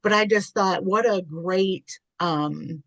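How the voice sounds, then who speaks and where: A woman's voice: lowish voice, slow, a bit bright, no room sound. A middle-aged woman, a podcast guest, telling candid personal stories in an earnest, chatty way, often restarting her sentences.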